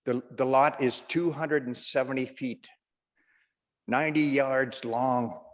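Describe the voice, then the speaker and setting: A man's voice: mid-range voice, fairly even intonation, takes it slowly, long reverb tail. Man telling a stand-up story. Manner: rambling anecdotal storyteller. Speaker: stand-up comedian.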